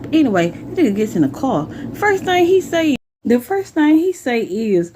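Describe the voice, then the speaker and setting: A woman telling a casual storytime with slangy, profane, animated delivery. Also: high voice, normal speed, a little hiss or hum, poor audio.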